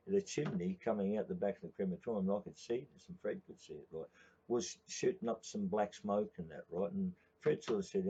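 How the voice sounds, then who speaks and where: A man's voice: low-pitched, mellow, slightly rough. An older man with an Australian accent telling a rambling, profane story in casual talk, calling the listener mate. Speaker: union organiser. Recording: dull lo-fi recording.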